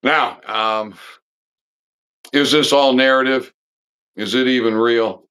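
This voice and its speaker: A man hosting a live stream, talking in a rambling, halting monologue full of pauses and restarts, blunt and occasionally swearing. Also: medium pitch, steady tone, bright, forceful tone, clean tone.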